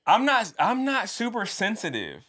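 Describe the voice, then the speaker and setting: A man's voice: high-pitched, huge pitch swings, moderate pace, bright, forceful tone. A man, a podcast guest, in loose, profane casual chat about growing up.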